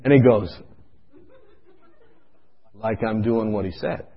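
A man preaching through a comic personal story, animated and acting out scenes, in a dull lo-fi recording. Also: on the low side, takes it slowly, slightly rough. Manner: animated, comic, acts out voices.

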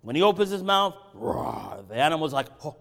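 Impassioned high-voiced preacher in a reverberant hall. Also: male voice, sing-song, brisk, vocal fry. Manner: swings from loud impassioned peaks to low conversational teaching. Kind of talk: sermon.

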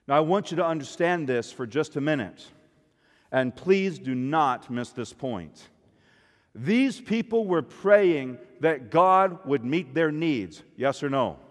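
A man's voice: fairly high pitch, long reverb tail. A man preaching a sermon with emphatic, rhetorical questions to the congregation.

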